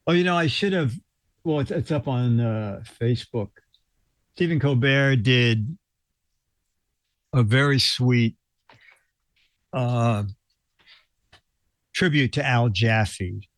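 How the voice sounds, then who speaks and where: A man's voice: medium pitch, slow pace, long pauses, dry recording. A man hosting a casual live-stream show, telling stories in a rambling way, chuckling often and restarting his sentences. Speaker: show host.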